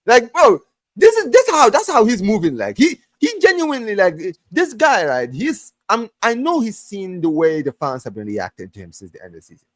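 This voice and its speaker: A man hosting a casual football podcast, ranting in an animated way, swearing often and restarting his phrases. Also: high-pitched, normal speed, no room sound. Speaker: podcast host. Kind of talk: heated casual football chat.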